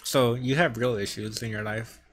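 A man's voice: medium pitch, fairly even intonation, moderate pace, heavy background noise. A man with a stutter and a lisp who practices tongue twisters on camera in a room at home while wearing earphones, repeating sounds as he trips over words. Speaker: vlogger.

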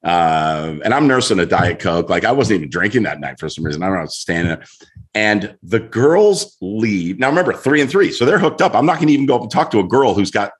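A middle-aged man, a guest on a show, telling a story in an animated way and acting out voices as he goes. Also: fairly low pitch, a little fast. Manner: lively, acts out voices in his story.

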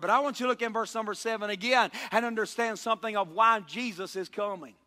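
A man preaching a sermon as pastor, impassioned, swinging from shouts to low tones and calling for amens. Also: fast, hardly any pauses. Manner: impassioned, rises to shouts and drops low, calls for amen. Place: church sanctuary. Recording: long hall reverb.

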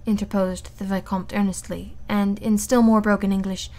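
A woman reading a classic novel aloud in a steady, even narration. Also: medium pitch, moderate pace, few pauses. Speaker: audiobook reader.

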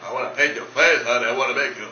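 A man voicing a theatrical veteran drag entertainer who speaks slowly and calls people honey. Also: medium pitch, pushed and bright. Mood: grand. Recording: dull echoey recording, far from mic, hiss.

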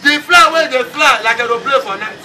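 The crowd and noise come through a distant mic as a man with an extremely high, bright, forceful voice preaches a funeral sermon at a fairly quick pace. He has a Nigerian accent, mixes Pidgin into his English, and prompts the congregation to respond.

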